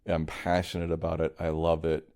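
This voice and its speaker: A man hosting a solo podcast, talking in a reflective, meandering way, quietly worried and often restarting his sentences. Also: deep voice, monotone, moderate pace, smooth. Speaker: podcast host. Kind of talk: casual solo podcast monologue.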